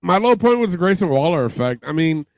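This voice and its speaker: Man, podcast co-host, high-ish voice, gravelly, dry sound, swears a lot. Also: big pitch swings, fast talker, no room sound, low-quality recording. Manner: loose, profane, rambling. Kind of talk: casual chat.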